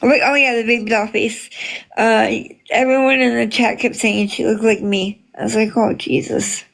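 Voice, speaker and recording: A woman's voice: fairly high pitch, steady tone, moderate pace, gravelly, fairly bright tone. A woman hosting a casual livestream, chatting with viewers and greeting them by name, with many fillers. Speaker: livestream host reading chat.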